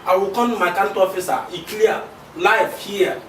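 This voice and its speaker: A man's voice: high voice, moderate pace, a bit bright. An actor with a Nigerian accent playing a boastful, pushy rich man who flirts in pidgin. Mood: coaxing. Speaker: wealthy suitor. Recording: roomy, from far off, faint hiss.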